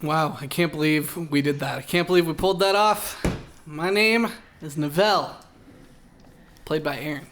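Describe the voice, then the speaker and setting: A man playing in a tabletop game, playful and quick to laugh. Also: a little high, fairly bright tone, a little hiss or hum. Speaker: player. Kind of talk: casual tabletop game chat.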